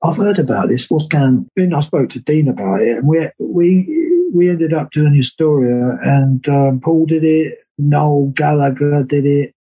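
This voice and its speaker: A man's voice: a little high, expressive, unhurried, hardly any pauses, dark tone, husky, rough recording. An older man, a guest musician, telling rambling anecdotes in a casual interview and acting out the voices of people he quotes.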